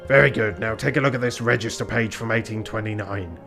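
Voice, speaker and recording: A man voicing a stern male rooster police inspector with a pirate voice, speaking slowly and gravely. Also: lowish voice, fairly bright tone, faint music behind.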